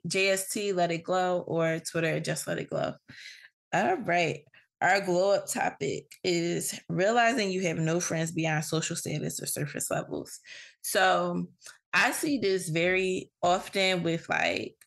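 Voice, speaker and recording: A woman's voice: on the low side, creaky, a bit bright. Blunt, swearing woman podcast host. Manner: blunt, frank, swears freely. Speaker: podcast host giving advice. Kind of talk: casual advice monologue.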